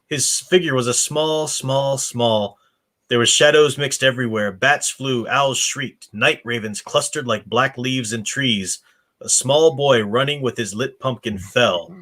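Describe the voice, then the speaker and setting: American male host, book discussion, reads the lines with animated voices. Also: mid-range voice, moderate pace. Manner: reads dialogue with lively expressive voices. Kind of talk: reading aloud and discussing a novel.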